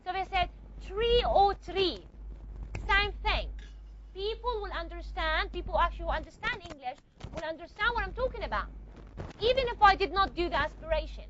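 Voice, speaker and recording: Woman teacher lecturing, bright tense voice, keeps asking the class questions, muffled lo-fi sound. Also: extremely high pitch, animated, fairly quick, slight background noise. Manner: explains step by step, often checking with the class.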